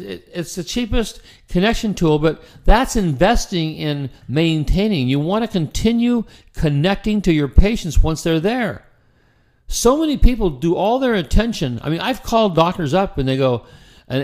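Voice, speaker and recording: A middle-aged man coaching chiropractors in a casual, conversational style that often repeats words and restarts sentences. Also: a little high. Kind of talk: casual instructional talk.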